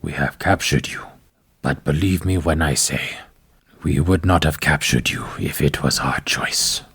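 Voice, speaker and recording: Man playing a cold female orc jailer, deep whisper, tabletop game. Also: husky, dry recording, exaggerated voice. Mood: ominous. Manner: hushed, measured whisper. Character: low-voiced female orc captor, cold and guarded.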